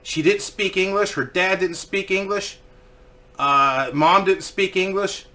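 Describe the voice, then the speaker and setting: A young man spins comic stories in a casual, animated way, swearing freely and breaking into laughter. His voice is bright and sits a little high for a man. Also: a little slow. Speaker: streamer telling stories. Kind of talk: casual comedic storytelling.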